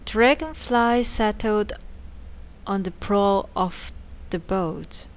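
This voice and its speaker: Slow, gentle woman reading a children's story. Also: medium pitch.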